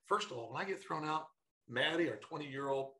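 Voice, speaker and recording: A middle-aged man, a former baseball manager, telling stories in a casual interview and quoting his kids in lively bursts. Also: on the high side, fairly quick, echoey room, poor audio.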